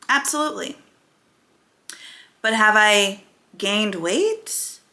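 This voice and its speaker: A woman's voice: medium pitch, expressive, takes it slowly, bright, forceful tone. A woman in her forties talking candidly to camera as a weight loss vlogger, emphatic and full of rhetorical questions.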